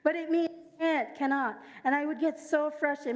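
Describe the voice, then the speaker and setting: A Jamaican woman with a high voice delivers a sermon full of personal stories. She keeps asking the congregation to join in and repeat her words. Her voice carries with a long reverb through an echoey church hall. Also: fairly even intonation, moderate pace, few pauses. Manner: engages the congregation, asks them to repeat lines; personal storytelling. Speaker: speaker at a church service.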